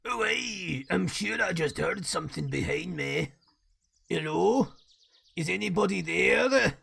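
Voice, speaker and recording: A man voicing a gruff male swamp ogre in a husky put-on accent, calling out warily. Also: sits high, lively intonation, slow pace, pitched above the performer's own voice, exaggerated voice. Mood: wary. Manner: jumpy, calling into the dark.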